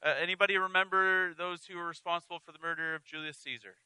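Male pastor, conversational sermon, earnest, high bright voice, close dry mic. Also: level tone, fast, clean tone, no room sound, poor audio. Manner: earnest, conversational, with frequent restarts and asides.

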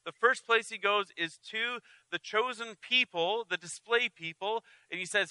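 A man as pastor preaches an earnest, conversational sermon, often restarting and adding asides. His voice is high, very bright and smooth. It is recorded close with no room echo. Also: normal speed, hardly any pauses.

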